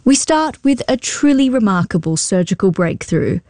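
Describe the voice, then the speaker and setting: A woman presenting a news podcast, reading scripted links in a clear, measured way. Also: medium pitch, lively intonation, over loud music.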